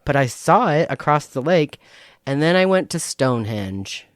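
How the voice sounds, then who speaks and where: A woman's voice: sits low, big pitch swings, normal speed, no echo, clean studio sound. A woman co-hosting a podcast in casual chat, telling stories in a rambling, hesitant way. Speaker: podcast co-host.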